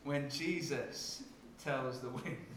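A man preaching a sermon, dropping to a hush and rising to loud emphasis as he tells the story. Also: mid-range voice, slow pace, echoey room, noisy background. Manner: dramatic shifts from hushed to loud when acting out scenes.

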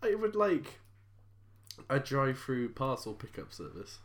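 A woman's voice: rumbling low, very animated, unhurried. An English woman in casual chat, dry and teasing, laughing often as she mimics people. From England.

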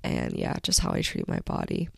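A young woman hosts her solo podcast in a heavily gravelly, sick-sounding voice, low and mellow in tone. She speaks slowly and reflectively, leaning on fillers, close to the mic in a dry, dead room. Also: wildly swooping pitch, dry recording. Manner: slow, gentle, reflective, with many fillers. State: sick, voice worn from illness. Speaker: podcast host. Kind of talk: casual solo podcast talk.

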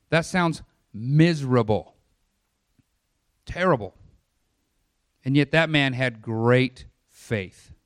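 A man preaches a sermon in a fairly high voice, recorded close and dry. He builds his voice up through long lists, then drops it low and quiet. Along the way he turns to the congregation with casual asides. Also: clean tone, no room sound. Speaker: pastor.

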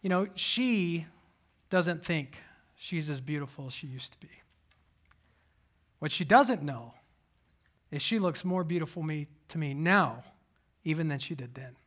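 A man in his thirties preaching a sermon, telling personal stories with animated swings and sudden soft asides. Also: fairly high pitch, a little slow, long pauses. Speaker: pastor.

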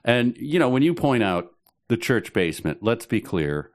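A man's voice: mid-range voice, sing-song, moderate pace. A man co-hosting a casual chat podcast while getting over a slight head cold, talking with dry, wry, self-mocking humor. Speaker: podcast co-host.

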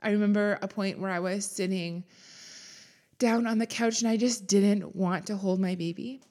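A woman's voice: medium pitch, fairly even intonation, moderate pace, darkish tone. A young woman on a podcast, candidly telling a personal story with emotion and the odd laugh. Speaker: podcast guest sharing her story.

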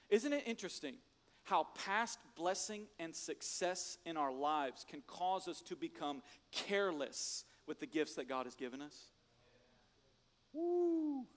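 Animated high-voiced male pastor. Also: big-room sound. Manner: animated storyteller, swings from loud jokes to hushed emphasis. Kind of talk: sermon.

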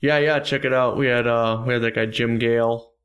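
A friendly man guesting on a podcast, his voice smooth and resonant. He speaks evenly and flatly, in a relaxed tone. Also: mid-range voice, fairly quick. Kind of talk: casual podcast chat.

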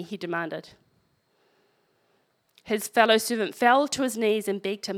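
Woman giving a sermon, chatty and wry between bible readings, mid pitch. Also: a little slow, long pauses. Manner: conversational, wry asides while reading scripture. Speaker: preacher.

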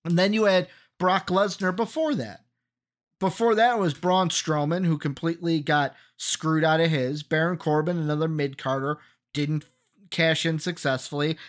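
A man's voice: a little high, fairly even intonation, normal speed. A man co-hosting a wrestling podcast in casual chat, reeling off facts and giving blunt opinions. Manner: lists facts matter-of-factly, blunt opinions. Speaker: podcast co-host.

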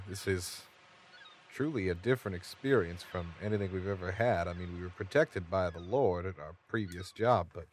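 A man's voice: deep voice, a little hiss or hum. A man in his thirties speaking in character during a tabletop game, with an earnest, reassuring manner. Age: 30s. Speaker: player. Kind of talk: in-character role-play.

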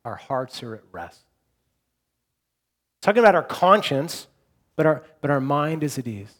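Conversational pastor, a man with a fairly high voice. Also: very animated, unhurried. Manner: conversational, with frequent restarts and repeated words; shifts between loud emphasis and hushed softness. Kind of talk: sermon.

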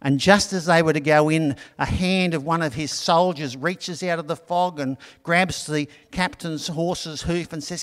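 A man's voice: a little high, fairly even intonation, measured pace, hardly any pauses, fairly bright tone, long reverb tail. A middle-aged man preaching a sermon in a conversational, storytelling way. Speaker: pastor.

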